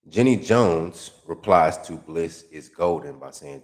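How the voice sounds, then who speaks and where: Profane, animated man with slang. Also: low-pitched, measured pace, hardly any pauses. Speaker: YouTube commentator. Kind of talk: profane reaction commentary.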